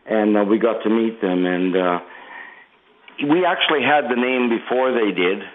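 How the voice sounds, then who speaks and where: An older man with a Canadian accent, a musician telling stories in a relaxed, hesitant way with many fillers in a phone interview. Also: lowish voice, moderate pace. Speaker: guest musician. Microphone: telephone. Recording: phone line.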